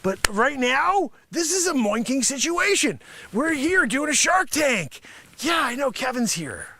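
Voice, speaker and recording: A man with a high, bright, sharp voice improvises a sarcastic comedy sales pitch on a live stream. He rambles through filler phrases and swoops wildly up and down in pitch, breaking into loud bursts. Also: a little slow, slight background noise. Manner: animated, jumps to loud outbursts.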